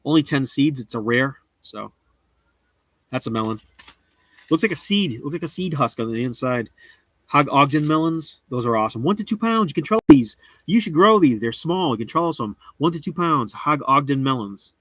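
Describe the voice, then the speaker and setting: A man's voice: animated, normal speed, a bit bright. A goofy man rambles through a casual live stream, joking at his own expense and jumping from one thought to the next. His voice sits in a middle register and sounds a bit dull and lo-fi, with very little room echo. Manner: rambling, goofy, self-mocking, jumps into high silly voices. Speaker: homestead gardening livestreamer. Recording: dull, slightly lo-fi dry sound.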